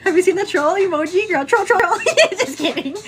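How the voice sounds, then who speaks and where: High, chatty woman livestreamer. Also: expressive, a little fast, faint music behind. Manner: chatty, calls viewers "girl" constantly; laughs often, teasing then turning earnest. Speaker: livestream host. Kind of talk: casual chat on a morning get-ready livestream.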